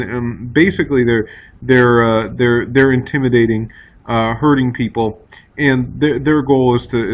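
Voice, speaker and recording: A man's voice: medium pitch, rough recording. Casual male history teacher lecturing. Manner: casual, chatty, with fillers and quoted asides. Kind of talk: recorded classroom lecture.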